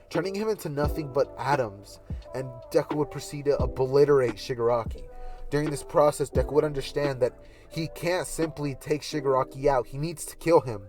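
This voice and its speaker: Casual male storyteller, mid-pitched, loose and rambling, music underneath. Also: a little mellow. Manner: rambling, repetitive hypothetical narration with fillers. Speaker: YouTuber. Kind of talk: casual fan-fiction storytelling.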